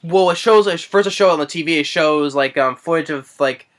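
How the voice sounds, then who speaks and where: A man with a fairly high, bright, forward voice recaps a horror film in loose, casual speech. He stumbles and restarts often and leans on filler words while he talks. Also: moderate pace. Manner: rambling, hesitant, heavy on fillers. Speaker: movie reviewer. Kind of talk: casual spoken movie recap.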